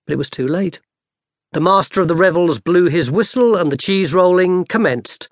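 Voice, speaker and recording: A man narrating an audiobook in a lively, dry storytelling manner. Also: sits high, moderate pace, no echo. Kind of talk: scripted narration.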